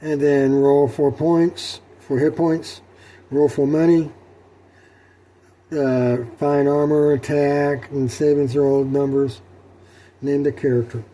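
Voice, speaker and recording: A middle-aged man talking through his solo tabletop role-playing session in a rambling, halting way, with many fillers and restarts. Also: on the high side, little pitch movement, warm tone. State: sleepy, yawning. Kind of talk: rambling casual talk.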